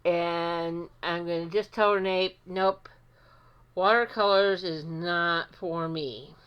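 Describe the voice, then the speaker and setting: A woman's voice: lowish voice, fairly even intonation, slow, clear, resonant tone, dull audio. A woman hosting her own art vlog, chatting casually and poking fun at herself, with plenty of fillers as she sets up at her desk. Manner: self-deprecating, chatty with many fillers. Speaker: art channel host.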